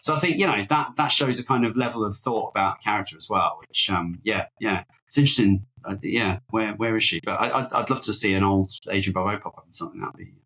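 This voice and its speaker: Brief: male podcast co-host, lowish voice, meandering and hesitant delivery. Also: fast, few pauses, pushed and bright, rough recording. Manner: rambling, hesitant, lots of fillers and restarts. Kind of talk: casual film-review chat.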